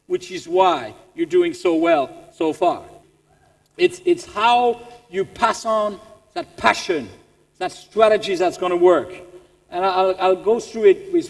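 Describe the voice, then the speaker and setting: A man with a French accent giving an animated motivational business talk to staff. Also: high voice. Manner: animated, repeats words as he restarts. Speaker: keynote speaker. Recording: long reverb in a large hall.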